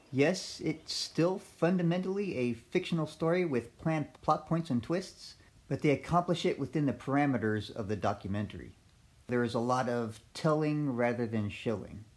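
Man reading a measured film review. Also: mid-range voice, darkish tone. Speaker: listener sending in an audio review. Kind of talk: read-out podcast film review.

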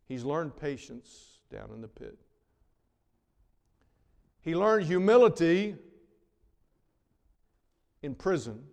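A man preaching a sermon, swinging between loud emphatic lines and hushed, drawn-out words. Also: on the high side, big pitch swings, vocal fry. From North Carolina. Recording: long reverb of a large hall.

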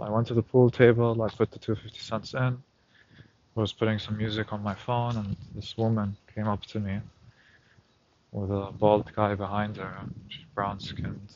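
A man's voice: fairly low pitch, dull audio, a little hiss or hum. A man talking to himself on a night walk outdoors, recounting a story in a reflective, casual monologue. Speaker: vlogger.

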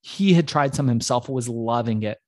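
This podcast guest, a middle-aged man originally from Iran, shares his story in conversation, bringing the people he met to life by acting them out. He talks at normal speed with a medium-pitched voice. The audio is dry and of studio quality.

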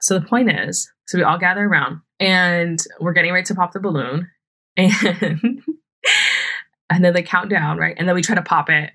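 Bright-voiced young woman, chatty. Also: sits low. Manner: chatty, filler-heavy, swears freely, laughs often. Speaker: podcast host. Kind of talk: casual personal storytelling.

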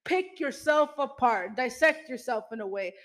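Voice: high-pitched, lively intonation, moderate pace, fairly bright tone, low-quality recording. A podcast host giving an emphatic motivational pep talk, addressing listeners directly as "y'all" and peppering the talk with "you know" and mild swearing. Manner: speaks straight to listeners as "y'all".

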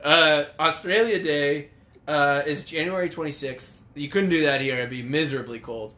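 A man co-hosting a loose, casual podcast, his voice bright and a little high. He rambles, restarts his sentences and laughs easily, throwing in casual swearing as he goes. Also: moderate pace. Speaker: podcast co-host.

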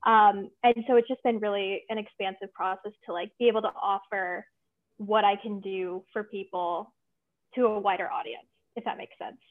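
A woman's voice: medium pitch, steady tone, moderate pace. Young woman guest, earnest casual talker, recorded over a tinny phone-like remote line. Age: young adult. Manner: earnest, many fillers and "like". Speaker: guest, tarot reader and witch. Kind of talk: casual interview chat.

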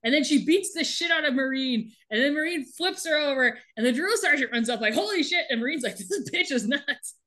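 A woman's voice: high voice, expressive, brisk, few pauses, pushed and bright. A woman co-hosting a podcast, animatedly retelling a TV episode in casual chat and laughing often. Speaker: podcast co-host recapping a TV show.

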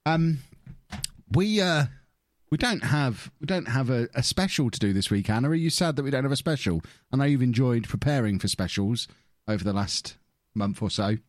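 Teasing man hosting, lively voice. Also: medium pitch, moderate pace, no room sound, studio quality. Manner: teasing, playful banter. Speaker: podcast host. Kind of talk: casual gaming podcast chat.

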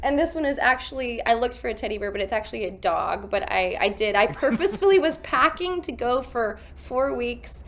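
A woman telling stories in a casual interview over a video call from a hotel room, animated and laughing, acting out her own lines while recovering from covid. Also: on the high side, a little fast, few pauses. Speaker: actress guest.

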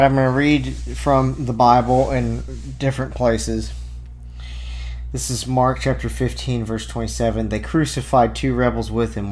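Man, apologetics talk, reads scripture aloud, casual asides, fillers, mid-pitched voice. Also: a little mellow. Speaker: Christian apologist.

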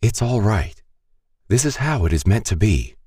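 A man voicing a mortally wounded temple elder who speaks weakly and calmly in halting phrases. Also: on the low side, husky, dry recording, studio quality, pitched above the performer's own voice. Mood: fading. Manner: weak, halting, calm.

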